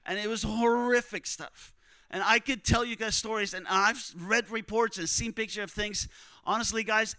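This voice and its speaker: A man preaching, telling a story in a conversational, animated way and acting out what others said. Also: high voice, normal speed, smooth, no room sound. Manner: animated, conversational, acts out quotes. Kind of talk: sermon storytelling.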